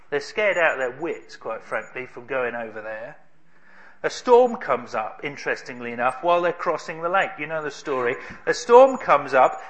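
Man, preacher, sermon, bright forceful tone, emphatic storytelling. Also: sits high. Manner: storytelling, emphatic with dramatic pauses.

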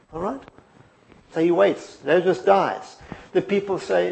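A man delivers a sermon, narrating its stories with expression, sinking to soft, quiet passages before climbing to emphatic lines. His voice is high and creaky, and he moves at a moderate pace.

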